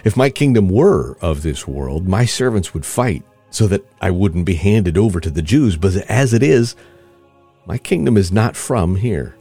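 A man reading aloud the words of a calm, accused teacher-king, measured and steady. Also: low voice, slightly rough, soft background music, heavily acted.

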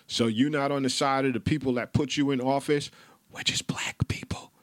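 A man putting on a hushed elderly male politician in whispered role-play, breathing the words out in halting bursts. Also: medium pitch, fairly even intonation, dry recording, pitched above the performer's own voice, natural voice. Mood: pleading.

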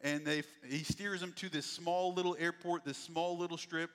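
A man delivers a sermon with an animated storyteller's flair, acting out the voices of the people in his story. His voice sits a little high for a man. It rings out with the long reverb of a large hall. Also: normal speed. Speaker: pastor.

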